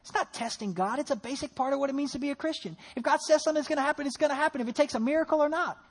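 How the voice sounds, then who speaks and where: A pastor preaching a sermon in a church, telling a story with lively rhetorical questions and dropping into soft, low tones for prayer. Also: racing.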